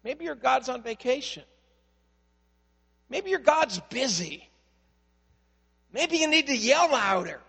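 A bold prophet calls out a challenge, his voice lifted high and taunting, as a preacher acts him out. The words ring through a long-echoing hall. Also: lively intonation, takes it slowly, vocal fry, long pauses, sharp tone, breathy edge, full character voice. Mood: mocking. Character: bold mocking male prophet.

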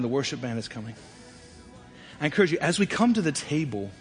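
A middle-aged man preaching a sermon, swinging between emphatic loud passages and quiet ones. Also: medium pitch. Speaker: pastor. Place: church sanctuary.

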